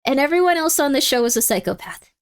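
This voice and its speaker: High-voiced chatty woman streamer. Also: big pitch swings, fast talker. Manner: rambling, chatty, laughs often. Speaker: streamer reacting to videos. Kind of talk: casual chat.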